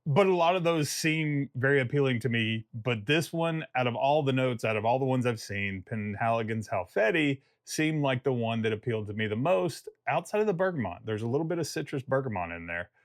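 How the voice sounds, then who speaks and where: A man's voice: mid-range voice, animated, fairly quick, few pauses, no echo, studio quality. A man giving a casual fragrance review vlog. He talks in a chatty, rambling way and jokes at his own expense.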